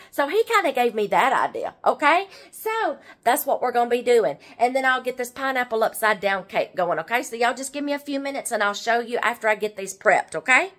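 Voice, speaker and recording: A woman's voice: fairly high pitch, animated, brisk, hardly any pauses, fairly bright tone. A middle-aged woman, chatting folksily through a home cooking tutorial in her kitchen, always saying "y'all" and "okay".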